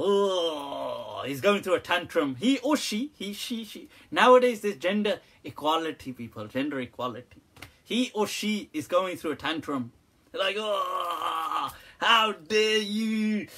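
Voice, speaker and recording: A man's voice: fairly high pitch, fairly bright tone, slightly rough. A man answering viewer questions on a live stream, teasing, joking and laughing often.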